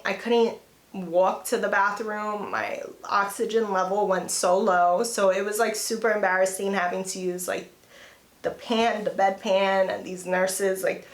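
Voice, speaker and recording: Young woman vlogger, emotional story time, halting w lots of "like", bit of coughing, echoey room. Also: medium pitch. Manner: halting, full of "like" and restarts, near tears at times.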